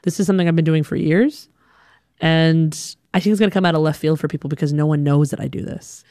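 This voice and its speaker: Animated woman telling a personal story. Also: low voice, fast, dry recording, clean studio sound. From Alabama, USA. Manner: animated, conversational, self-deprecating. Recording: music playing underneath.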